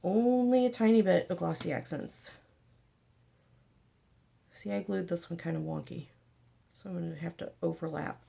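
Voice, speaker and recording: A woman's voice: lowish voice, moderate pace, vocal fry, long pauses, dark tone, breathy edge. A woman hosting a casual paper craft tutorial, chatty and joking with her viewers as she works. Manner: chatty, jokey, talks to viewers while working.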